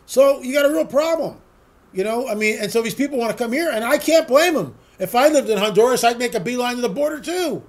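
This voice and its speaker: A man with a notably high voice talks straight to his listeners in an opinion monologue. He hosts a political talk show, and his delivery is emphatic and sarcastic, driven by rhetorical question after rhetorical question. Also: expressive, fast talker.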